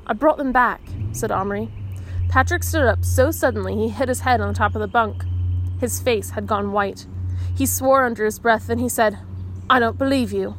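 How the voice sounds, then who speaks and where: A woman's voice: a little high, normal speed, a little hiss or hum. Woman reading a children's novel aloud. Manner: expressive reading with voiced dialogue. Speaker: audiobook reader.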